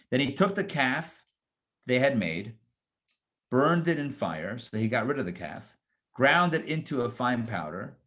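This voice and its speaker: Man with a higher voice teaching scripture. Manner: reads scripture verses aloud, then explains them in casual asides; lively, emphatic rhetorical questions. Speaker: rabbi. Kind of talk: Torah study lesson.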